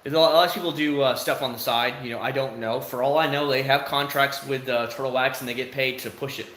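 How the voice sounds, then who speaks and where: A man livestreams from outside his home, talking fast and rambling candidly with viewers as he answers them, using plenty of fillers. His mid-range voice is a bit bright with fairly even intonation, and the reverberant recording has a little hiss or hum.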